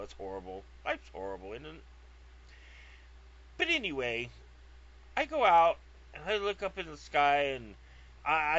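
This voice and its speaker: A man from California, USA, tells a rambling comic story that's digressive, profane and self-mocking. His mid-range voice sounds pushed and bright, on a lo-fi track with a dull sound.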